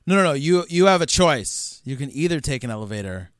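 Smooth-voiced American man, podcast co-host. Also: a little high, a little fast, dry recording, studio quality. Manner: relaxed storyteller, sharing anecdotes. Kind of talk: casual film podcast chat.

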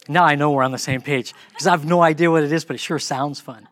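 A man's voice: fast talker, few pauses, dry recording. A middle-aged man telling a casual story, acting out the people he quotes. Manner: animated, acts out quoted voices in higher pitch.

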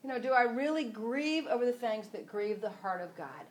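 A woman's voice: on the high side, animated, normal speed. Chatty woman teaching scripture. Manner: chatty, rambling, self-interrupting. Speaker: Bible teacher. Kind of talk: casual devotional teaching.

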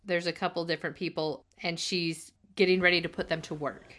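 A woman's voice: lowish voice, level tone, fairly quick, a bit bright. A woman co-hosting a casual book-discussion podcast, musing through recaps. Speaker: podcast co-host.

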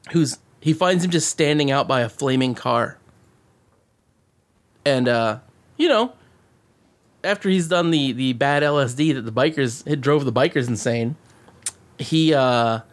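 Guy gushing about a movie on a podcast, kinda high voice, swears a lot, keeps restarting sentences. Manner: excited, profane, rambling with many restarts. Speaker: podcast co-host. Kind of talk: casual chat about a movie.

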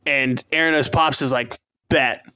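A man's voice: fairly high pitch, unhurried, no room sound. A young man casually recapping an anime plot with his co-hosts, swearing freely and acting out the characters' lines. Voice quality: profane, animated retelling with quoted voices. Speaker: podcast co-host.

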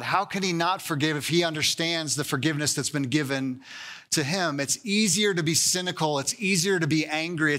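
A man preaching a conversational sermon, acting out quoted voices with lively shifts in tone. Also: a little high. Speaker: pastor.

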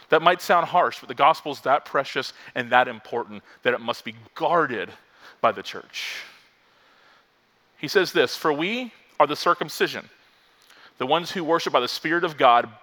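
A pastor from Florida preaching a lively sermon and acting out the quotes he reads. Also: medium pitch, normal speed.

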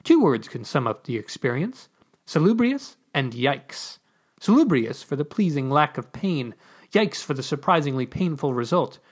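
A podcast co-host narrates a whimsical story with a wry, deadpan delivery. The voice swings widely in pitch and carries a breathy, husky edge. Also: normal speed. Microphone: podcast microphone.

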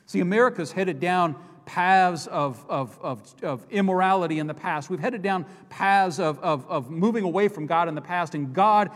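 A man's voice: sits high, moderate pace, hardly any pauses. A male pastor preaching an impassioned sermon, repeating and restarting phrases as he builds his points. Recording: long hall reverb.

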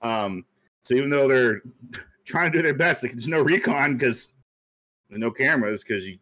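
Man, podcast host, mid-pitched, rambling chat with self-amused laughs. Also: animated, moderate pace, bright, forceful tone. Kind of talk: casual chat.

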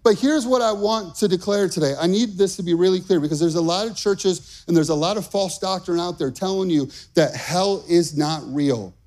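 Man, pastor, high-pitched, fervent sermon, emphatic. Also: normal speed, few pauses. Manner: impassioned, emphatic preaching with rising shouts.

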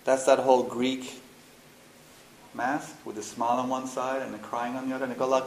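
A man's voice: mid-range voice, fairly quick. A man leading a spiritual workshop, talking frankly and casually, with slang and the odd curse word. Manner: frank, animated, mixes slang and swearing. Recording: roomy echo, faint noise.

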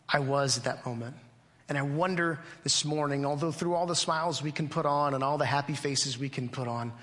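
A man's voice: fairly high pitch, sharp tone. Earnest preaching man in an echoing hall. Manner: earnest, conversational preaching with rhetorical questions. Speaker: pastor. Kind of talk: sermon. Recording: long hall reverb.

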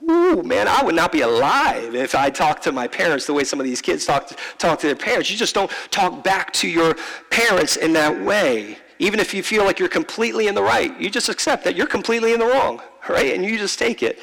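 A man preaching a sermon, telling a personal story in a heartfelt, halting way, often repeating words and slowing down for emphasis. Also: high-pitched, lively intonation, gravelly, a bit bright, long reverb tail, poor audio. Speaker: pastor. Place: large church.

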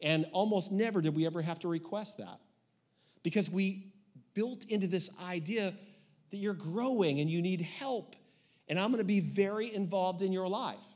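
Emphatic high-voiced middle-aged male pastor. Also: normal speed, a little mellow. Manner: folksy and emphatic, with rising and falling intensity. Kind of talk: sermon.

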